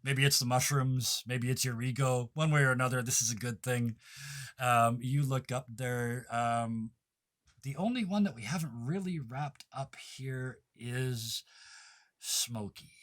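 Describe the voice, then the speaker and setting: A man running a tabletop game as game master, playful and quick to laugh, often stopping to correct himself. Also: medium pitch, a bit bright.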